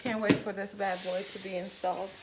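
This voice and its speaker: A woman's voice: medium pitch, flat delivery, brisk, over a noisy crowd, low-quality recording. A woman chatting casually in her day-in-the-life vlog as a mom, talking to her toddler and to the camera in her home kitchen. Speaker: vlogging mom. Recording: kitchen clatter of dishes and pans.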